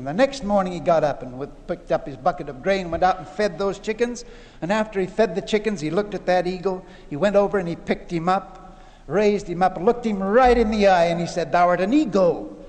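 High-voiced man telling a folksy parable. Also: fairly quick, long reverb tail. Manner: folksy storyteller, voices characters with lively rises. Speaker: church leader telling a parable. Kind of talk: recorded conference talk, storytelling.

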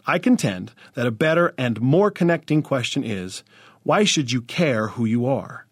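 A man's voice: mid-range voice, lively intonation, normal speed, slightly rough, no room sound. Earnest male teacher, reflective devotional narration, dry close sound. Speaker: religious teacher.

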